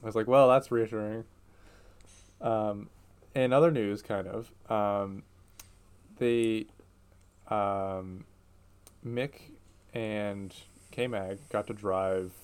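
A man's voice: fairly low pitch, fairly even intonation, very slow, pauses often, darkish tone, clean tone. A man co-hosting a casual chat show, talking in a laid-back, hesitant way with many fillers. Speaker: podcast co-host.

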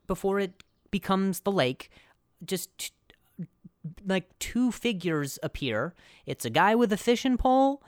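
A man's voice: high voice, dry recording, studio quality. A young adult man hosting a casual comedy podcast, rambling through a story with lots of jokes, asides and restarts. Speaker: podcast host.

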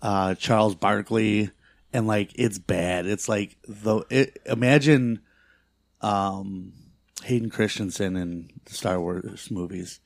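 A middle-aged man co-hosting a podcast, telling animated stories in casual chat and swearing freely. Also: on the low side, slow, vocal fry, no echo, clean studio sound. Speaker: podcast co-host.

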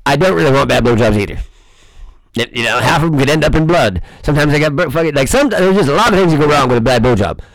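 Male host, raspy, talks fast and rambles through a profane comic rant. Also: on the high side, animated, no echo, rough recording. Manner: rambling, swearing constantly, boisterous. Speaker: host of a crude comedy show. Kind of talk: profane comedic monologue.

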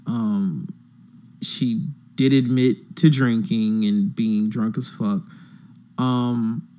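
A man's voice: lowish voice, fairly even intonation, dark tone. A man hosting a podcast and commenting on a played clip in casual, profane speech. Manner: slow, deliberate, profane commentary. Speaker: podcast host.

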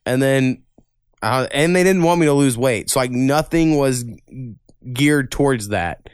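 A man's voice: mid-range voice, a little slow, clear, resonant tone, no room sound, studio quality. Profane rambling man telling stories. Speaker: podcast host. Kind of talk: casual chat.

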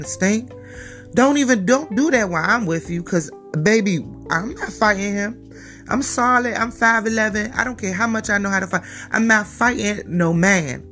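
Woman vlogger, mid-pitched, slangy and preachy, faint music underneath. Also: fairly bright tone. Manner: emphatic, lecturing, slangy. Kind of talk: direct-to-camera commentary.

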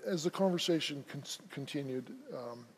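A pastor telling a story in a sermon, swinging from quiet to loud emphasis. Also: male voice, a little high, normal speed, husky. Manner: storytelling, builds to loud emphasis then drops soft.

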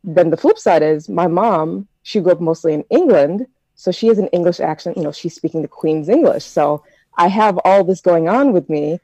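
A woman's voice: on the low side, normal speed, warm tone, no echo, rough recording. An American woman telling stories in a casual group discussion, chatty and reflective with plenty of fillers. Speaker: discussion participant.

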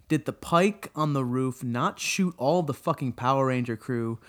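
Exasperated man with a lively voice. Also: normal speed, hardly any pauses. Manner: exasperated, profane, jumps to high incredulous outbursts. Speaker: podcast co-host. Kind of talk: casual episode review rant.

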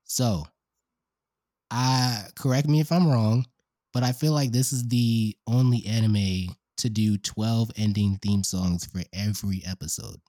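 A man's voice: on the low side, steady tone, a little slow, mellow, no room sound, clean studio sound. A man co-hosting a podcast in casual chat, laid-back and slangy, often calling others "bro". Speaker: podcast co-host.

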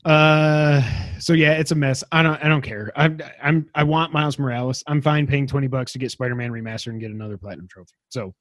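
A man's voice: mid-range voice, quick pace, few pauses, fairly bright tone, dry recording. Dry, chatty male podcast host. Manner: enthusiastic, rambling, self-deprecating. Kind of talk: casual gaming news chat.

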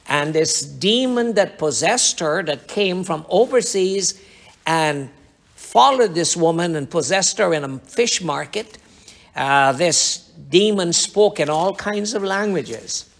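A male preacher telling a story from the pulpit in a somewhat high voice. He rambles and circles back, repeating phrases as he builds his testimony. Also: creaky, fairly bright tone. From Guyana. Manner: rambling, repetitive testimony with restarts. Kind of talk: sermon storytelling.

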